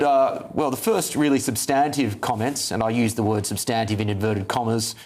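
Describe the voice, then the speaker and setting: A man's voice: mid-range voice, darkish tone. Opinionated male news host. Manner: brisk, opinionated, with asides. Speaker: late-night news show host. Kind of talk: presenting and opinionated commentary.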